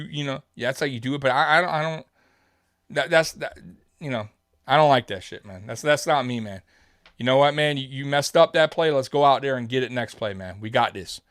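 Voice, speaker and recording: A man's voice: a little high, a bit bright, no echo, studio quality. A man hosting a live sports show, talking straight to his viewers in a heated, rambling fan commentary.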